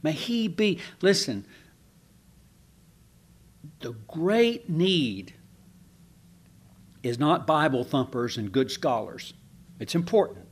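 A man's voice: fairly high pitch, sing-song, moderate pace, slightly rough. Guy preaching, folksy and chatty, keeps asking the crowd stuff, restarts his sentences a lot. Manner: folksy, asks the congregation questions, trails off and restarts. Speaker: pastor. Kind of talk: conversational sermon.

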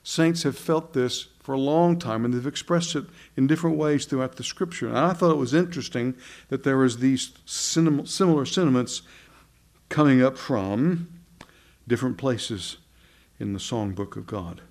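Man, leading a group in learning a hymn; halting, reads verses aloud. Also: mid-range voice, a little mellow. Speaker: song leader teaching a hymn. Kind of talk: teaching a group a new hymn.

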